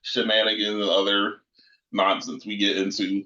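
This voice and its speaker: A man's voice: lowish voice, little pitch movement, normal speed, sharp tone, echoey room, muffled recording. A man chatting casually about a tabletop game session, rambling and laughing often. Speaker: player. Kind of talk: casual post-session recap.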